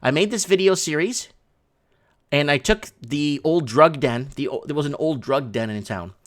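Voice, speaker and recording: Rambling, high-voiced livestream host. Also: male voice, normal speed. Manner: rambling, excitable ranting. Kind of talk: casual livestream talk reading chat.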